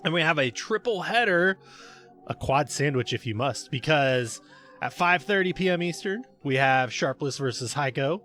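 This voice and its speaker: A man's voice: fairly high pitch, fairly bright tone. Chatty male speedrun race commentator. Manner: chatty, jokey, with frequent fillers. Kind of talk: casual livestream commentary.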